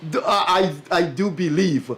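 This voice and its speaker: Male co-host, higher register, measured academic delivery. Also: fairly bright tone, slight background noise. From Guyana. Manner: measured, deliberate, emphatic, speaks as an academic. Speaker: co-host and commentator. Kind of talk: studio talk show commentary.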